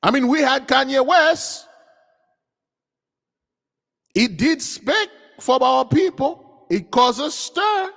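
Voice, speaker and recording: Man, online preacher, heated animated commentary, high voice, hall echo. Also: slow, vocal fry, long pauses. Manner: animated, preachy, addresses listeners as beloved. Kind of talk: commentary on news clips.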